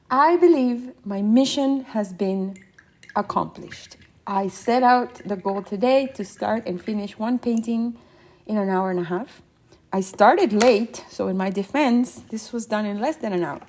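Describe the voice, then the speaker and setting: A woman's voice: on the high side, darkish tone. Bubbly woman chatting on a live art stream. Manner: bubbly and playful, giggles often; chats to viewers while painting. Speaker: artist hosting a live painting stream. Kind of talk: casual live-stream chat.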